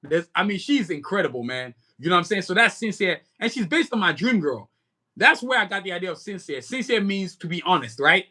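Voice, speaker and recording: Casting: male livestream host, American accent with a Nigerian edge, high and forceful voice, loose slangy rambling. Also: big pitch swings, a little fast. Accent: American with a Nigerian touch. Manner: slangy, rambling, keeps saying "you know what I'm saying". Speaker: livestream host and comic creator. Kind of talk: casual livestream chat.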